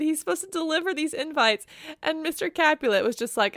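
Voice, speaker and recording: A woman's voice: sits high, animated, a little fast, fairly bright tone, dry recording, clean studio sound. A woman podcast host recapping a book in a chatty, wry, slangy way.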